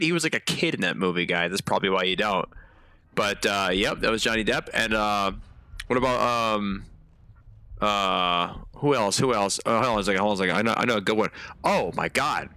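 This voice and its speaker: A man's voice: medium pitch, bright, forceful tone, dry recording. A man giving chatty live commentary on a horror game, swearing often and talking to his viewers. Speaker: game streamer.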